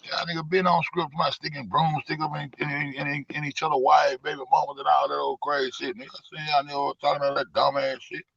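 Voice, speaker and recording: A man with a gravelly, bright voice rants in a profane, animated, incredulous way as a show host. The sound is dry and close, a little dull and lo-fi. He talks casually, stretching out his disbelief. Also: on the high side, quick pace, hardly any pauses, no echo. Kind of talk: casual livestream rant.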